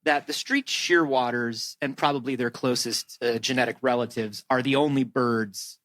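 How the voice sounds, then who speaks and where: A man's voice: medium pitch, fairly even intonation, normal speed, a bit bright, dry recording. A man from Florida co-hosting a comedy podcast, joking around and slipping into silly voices. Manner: jokey, breaks into silly character voices. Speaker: podcast co-host. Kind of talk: casual comedic chat.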